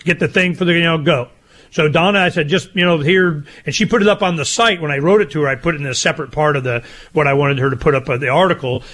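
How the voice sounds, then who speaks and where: Older guy, kinda high voice, rambling on a chat show, gets animated. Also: quick pace. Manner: rambling, animated, laughs loudly. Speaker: co-host. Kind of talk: casual chat.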